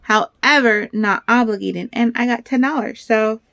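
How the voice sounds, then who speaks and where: Excitable rambling woman, dry close sound. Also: on the high side, normal speed, vocal fry, no echo. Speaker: crafter vlogger. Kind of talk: casual rambling chat.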